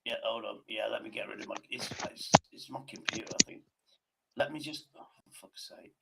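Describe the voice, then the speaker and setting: A man chatting quietly on a livestream, mumbling and distracted. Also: medium pitch, huge pitch swings, brisk, gravelly, heavy background noise. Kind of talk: casual livestream chat.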